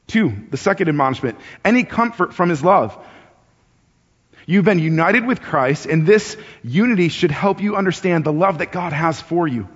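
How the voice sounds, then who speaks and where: A man's voice: fairly high pitch, animated, moderate pace, breathy edge. A man preaching a sermon in a conversational way, often repeating words as he goes, and pushing his voice up when he acts out urgent appeals. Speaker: pastor. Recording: dull sound with long hall reverb.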